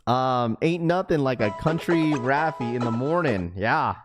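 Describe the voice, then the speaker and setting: A man hosting a casual livestream, chatty and laughing often as he gives shout-outs for donations. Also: medium pitch, animated, unhurried, over music. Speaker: livestream host.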